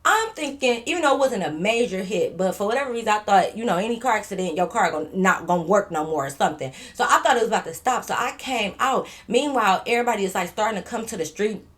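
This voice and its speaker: A woman's voice: medium pitch, fast talker, few pauses. A young woman, telling a storytime in casual, slangy chat and acting out what people said. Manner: animated, slangy, acts out quotes and drops to a whisper.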